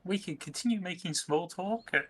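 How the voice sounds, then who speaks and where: A man's voice: high voice, fairly quick, slight background noise. A man playing a tabletop game, thinking aloud with hesitant restarts. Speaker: player. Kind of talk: casual tabletop play.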